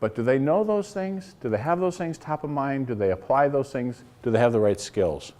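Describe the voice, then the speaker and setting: Speaking at a moderate pace in a mid-range, animated, slightly mellow voice, a middle-aged CEO presents live to a business audience. His style is plainspoken and folksy, with anecdotes full of quoted dialogue and rhetorical questions aimed at the crowd.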